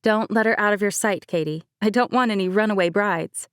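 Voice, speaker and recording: A woman's voice: mid-range voice, a little fast, clear, resonant tone, no room sound, studio quality, close to an everyday voice. A woman voicing an upbeat young female FBI agent with a Southern US accent in an audiobook, soothing yet firm.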